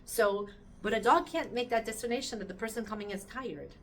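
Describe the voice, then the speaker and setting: A middle-aged woman giving a talk on the weekly Torah portion, earnest and animated, asking her listeners questions and weaving in Hebrew terms. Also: a little high, moderate pace, slight background noise. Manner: speaks directly to listeners with questions. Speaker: Torah teacher.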